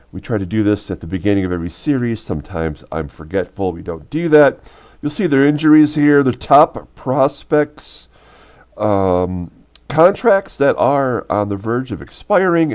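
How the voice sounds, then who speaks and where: A man hosting a baseball replay channel, talking casually with a deep, rough voice from a recent illness and lots of fillers. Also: darkish tone. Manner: loose, rambling, full of fillers. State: deep sick voice recovering from illness. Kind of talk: casual game commentary.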